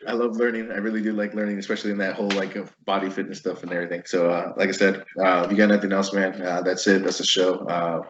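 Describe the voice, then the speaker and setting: A man hosting a casual veterans' interview, swearing freely and telling stories in an animated way. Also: sits low, fast talker, few pauses, lo-fi sound, a little hiss or hum. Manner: profane, animated storytelling. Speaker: host.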